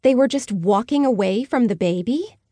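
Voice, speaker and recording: A woman's voice: on the high side, expressive, moderate pace, dark tone, no echo, clean studio sound. A woman narrating a story in the first person, with wry, sardonic inner commentary. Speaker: audiobook narrator.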